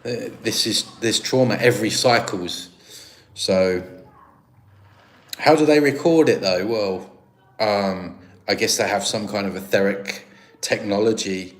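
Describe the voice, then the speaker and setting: English man, livestream host, rambling casual chat, lowish voice, laughs easily. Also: a little slow, pauses often. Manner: rambling, chatty, with frequent restarts and laughs. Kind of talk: casual livestream chat reading viewer comments.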